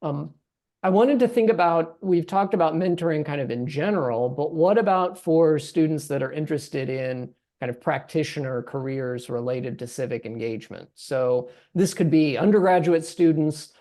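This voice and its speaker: A man's voice: on the high side, moderate pace, mellow. A man moderating an academic panel, talking conversationally with frequent restarts and "right?".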